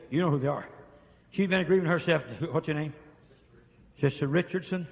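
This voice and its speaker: A man preaching a holiness sermon, telling folksy stories and swinging from hushed pleading to shouting. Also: on the high side, vocal fry. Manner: folksy storytelling. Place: church sanctuary. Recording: muffled echoey church tape, faint hiss.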